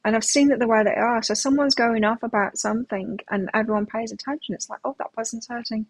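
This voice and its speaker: Husky, chatty woman tarot reader. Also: on the high side, steady tone, fast, no echo, poor audio. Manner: chatty and rambling, telling anecdotes. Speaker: tarot reader and live-stream host. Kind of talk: casual live-stream chat between tarot readings.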